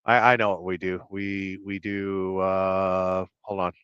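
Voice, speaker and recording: A man's voice: deep voice, level tone, slow, a bit bright, clear, resonant tone, no room sound. A man hosting a casual livestream, rambling and joking while he reads out viewer comments. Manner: rambling, joking, reads chat names aloud. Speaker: livestream host. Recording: dull, dry sound.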